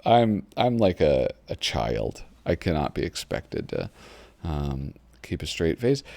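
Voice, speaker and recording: A man's voice: very deep voice, sing-song, slow pace, gravelly, a little mellow, no room sound. A man hosting a channel who chats casually and giggles as he flips through an old magazine at his computer. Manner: chatty, giggly, easily sidetracked. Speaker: host. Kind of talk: casual commentary while flipping through a magazine. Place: home computer desk.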